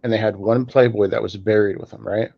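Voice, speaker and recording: A man's voice: fairly low pitch, steady tone, fairly quick, creaky, dry recording. A man on a podcast panel telling a story in loose, rambling casual chat. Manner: loose, rambling, filler-heavy. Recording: dull lo-fi audio.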